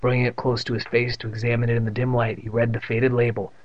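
A man's voice: mid-range voice, completely flat delivery, quick pace. A man reading a children's book aloud and tossing in joking asides. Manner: adds joking asides to the text. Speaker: reader. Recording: muffled lo-fi recording.

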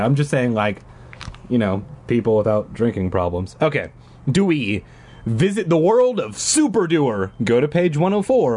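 A man reading a choose-your-path book aloud, animated, with sarcastic asides. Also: medium pitch, breathy edge.

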